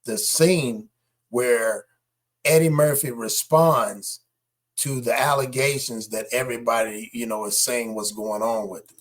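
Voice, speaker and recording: A man's voice: mid-range voice, a little slow. Skeptical man reacting to clips. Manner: skeptical, animated, talks straight to viewers. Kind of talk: casual reaction commentary.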